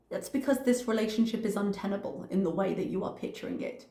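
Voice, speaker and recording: A woman's voice: medium pitch, fairly quick, few pauses, roomy sound. A woman giving reaction commentary in a blunt, analytical manner.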